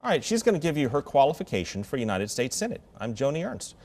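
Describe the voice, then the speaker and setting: A man's voice: mid-range voice, big pitch swings, quick pace, a little mellow. A man hosting a political comedy show, playfully reading out quiz options. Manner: playful quizmaster reading multiple-choice options. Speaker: host.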